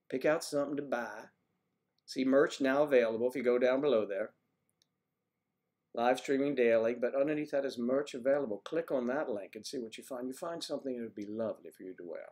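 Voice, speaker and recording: An older man from the East Coast hosts a live stream, chatting in a loose, rambling way. He reads viewer comments aloud and answers them by name. His voice sits at a middle pitch for a man. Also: darkish tone. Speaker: livestream host. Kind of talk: casual livestream chat reading viewer comments.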